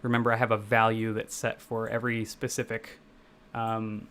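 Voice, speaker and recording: A man's voice: fairly low pitch, monotone, normal speed, fairly bright tone, clear, resonant tone. A young man from the Midwestern United States, chatting casually with viewers as he codes on a live stream, rambling and correcting himself as he goes. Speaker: game developer streaming live. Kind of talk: casual live-stream chat while coding.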